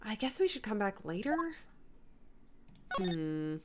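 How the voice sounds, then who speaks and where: A woman's voice: medium pitch, sing-song, slow pace. A young woman streaming a game, talking casually and swearing freely as she chats. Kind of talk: casual live game commentary. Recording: clear background noise.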